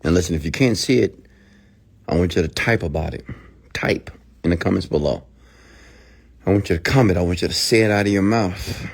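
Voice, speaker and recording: Deep-voiced middle-aged man, emphatic motivator. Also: fairly quick, creaky, long pauses. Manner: emphatic, swinging from hushed near-whispers to shouts. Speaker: motivational speaker. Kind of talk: motivational monologue to camera.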